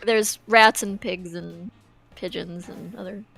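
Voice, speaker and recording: A woman's voice: lowish voice, steady tone, slow, creaky, fairly bright tone, dry recording, faint music behind. A woman on an animation crew chatting casually on a stream, retelling events with lots of laughter. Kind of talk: casual chat on a live stream.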